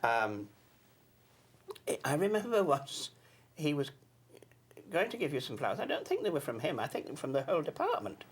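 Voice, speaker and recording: A man's voice: a little high, wildly swooping pitch, normal speed, long pauses, slightly rough. A man, an actor, chatting hesitantly with many fillers while he reminisces about working on a show. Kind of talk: reminiscing conversation.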